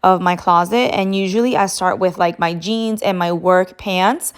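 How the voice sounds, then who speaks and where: At home in her walk-in closet, a young woman vlogs casually in a lowish, clean voice at a moderate pace. She sounds a little out of breath and is chatty and slangy, dropping Spanish phrases into the chat.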